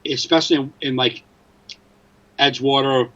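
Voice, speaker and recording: A man with a New Jersey accent, co-hosting a podcast, ranting in an animated, sweary way. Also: mid-range voice, moderate pace, dull audio. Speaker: podcast co-host. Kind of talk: casual chat.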